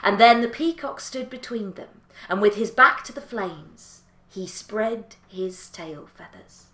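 A woman storyteller telling a folk tale in a lilting, expressive way. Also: medium pitch, a little slow, roomy sound.

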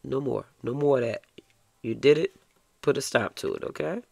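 A man's voice: mid-range voice, normal speed, vocal fry, no echo. A man giving a tarot reading, blunt and coaxing, swearing freely and ending lines with "okay?". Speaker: tarot reader.

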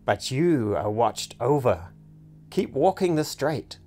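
A man voicing a bent old male beggar who wheezes and rasps out slow, cryptic warnings. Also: medium pitch, sing-song, darkish tone, soft background music. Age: older. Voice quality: wheezy, raspy.

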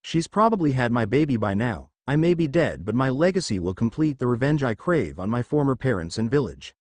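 Guy reading a hot-headed young ninja guy, defiant and mouthy, storybook style, lively voice. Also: mid-range voice, a little fast, no echo. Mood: furious taunting. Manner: defiant, taunting.

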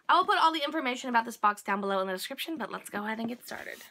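A young woman hosting an unboxing vlog, gushing with excitement and dropping into whispered squeals. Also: on the high side. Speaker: YouTube host unboxing a subscription box.

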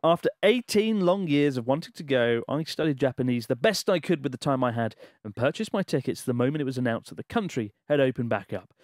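A man's voice: mid-range voice, animated, a little fast, hardly any pauses, darkish tone, no echo, studio quality. A man co-hosting a podcast, reading a listener's letter aloud in a casual way, laughing and swearing in disbelief as he goes. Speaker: podcast co-host.

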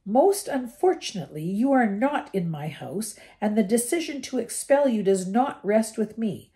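A woman's voice: mid-range voice, big pitch swings, normal speed, warm tone, voice pushed up. A woman voicing a cold, sneering, menacing male teacher in a storybook reading.

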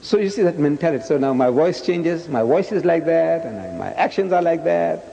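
A man in his seventies from South Africa, giving a public lecture in a loud, emphatic voice. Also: fairly high pitch, expressive, fairly quick, vocal fry. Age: 70s. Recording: dull lo-fi recording with long hall reverb.

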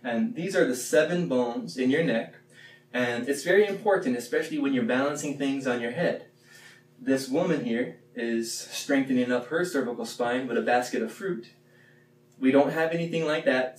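A man leading a playful classroom warm-up, chanting the words slowly and loudly. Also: medium pitch. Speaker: teacher leading a movement warm-up. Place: x-ray room. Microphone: phone camera from a distance. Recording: echoey room, mic far off, faint hum.

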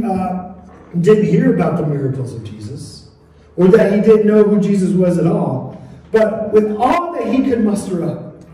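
A man's voice: high voice, dark tone. A man preaching a sermon as pastor, earnest and calling on his congregation to respond. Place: church sanctuary. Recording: echoey church from far off.

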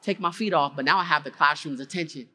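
A man's voice: a little high, fast. A man giving a motivational keynote to a conference audience, telling a story and acting out its scenes while asking the audience questions. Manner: animated, acts out scenes, asks the audience questions. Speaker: keynote speaker. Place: conference hall before an audience.

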